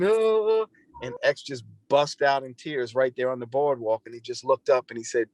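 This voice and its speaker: A man's voice: mid-range voice, normal speed, a little mellow, no room sound. A man appearing as a podcast guest, earnestly telling a personal story and often restarting his phrases. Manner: earnest, repeats and restarts phrases while recounting. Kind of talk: conversational storytelling.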